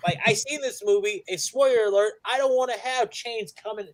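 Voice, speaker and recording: A man's voice: high voice, a little fast. A man on a casual online panel, joking in slangy everyday speech. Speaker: guest panelist. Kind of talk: casual chat.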